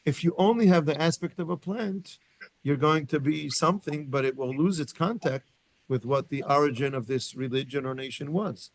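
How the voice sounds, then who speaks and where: A man giving a Torah lecture to a class, his voice sitting a little high for a man. He thinks aloud, restarts his sentences and turns questions to the students. The sound is dry, with little room in it. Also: moderate pace, no echo. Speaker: rabbi teaching a Torah class. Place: synagogue study room.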